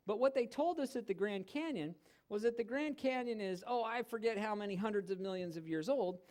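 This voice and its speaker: A man giving a church teaching talk, telling stories with humor and animated delivery. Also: high voice. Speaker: guest teacher. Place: church hall.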